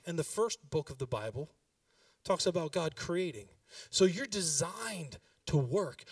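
A man's voice: fairly high pitch, dry recording, studio quality, far from the mic. A pastor in his thirties giving a sermon, talking with the congregation and building to emphatic exhortation.

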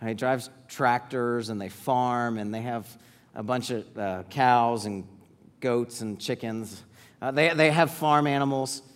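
A man preaching a sermon to parents, repeating key words for emphasis and letting phrases trail off softly. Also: medium pitch, measured pace, clean tone.

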